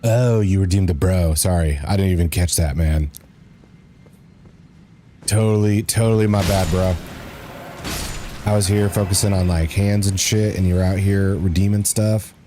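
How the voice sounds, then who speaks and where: A man's voice: sits low, steady tone, normal speed, hardly any pauses, dark tone, a little hiss or hum. A man streaming a game, chatting casually and joking, at times hamming up a bro voice. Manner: joking, slips into a mock bro voice. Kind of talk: casual gameplay commentary.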